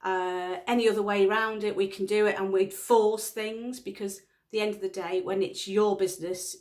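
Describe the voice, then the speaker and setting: A middle-aged woman, telling a story in a casual vlog, laughing often and acting out the lines of a conversation. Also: mid-range voice. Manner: chatty storytelling, laughs often, acts out dialogue. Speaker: vlogger. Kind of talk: casual chat.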